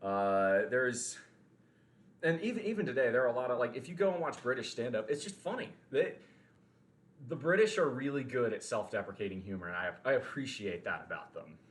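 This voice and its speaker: A man's voice: mid-range voice, expressive, fairly quick, poor audio. Joking Southern American man streaming. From Deep South of the US. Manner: joking, teasing, reading chat aloud. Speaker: livestreamer. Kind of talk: casual livestream chat.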